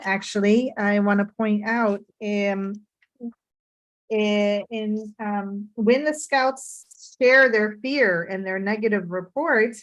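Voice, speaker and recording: A woman teaching Torah and mindfulness in a reflective way, often checking in with her listeners. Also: medium pitch.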